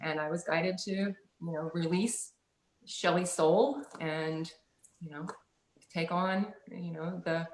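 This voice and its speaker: A woman's voice: lowish voice, steady tone, takes it slowly, a little hiss or hum. A woman guest telling a spiritual story in a loose, casual way, with many fillers and laughs, over a video call. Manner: rambling, many "like"s, laughs often. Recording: roomy echo.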